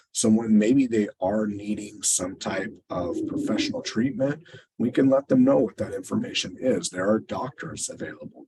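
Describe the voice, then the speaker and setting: Man, webinar trainer, deep voice, husky tone, conversational lecture, acts out quoted exchanges. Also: darkish tone, rough recording. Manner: conversational, tag questions, fillers.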